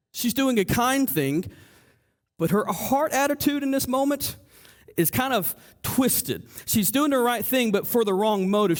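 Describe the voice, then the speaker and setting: A man's voice sits high as he preaches from a church sanctuary. His sermon is spirited and animated, he performs the characters in his story, and he frequently trips over words and starts sentences again.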